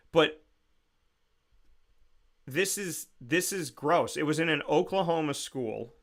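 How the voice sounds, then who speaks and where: A man's voice: fairly high pitch, measured pace, pauses often, bright, forceful tone. A man hosting a radio show, delivering a rambling, sarcastic and incredulous monologue full of restarts.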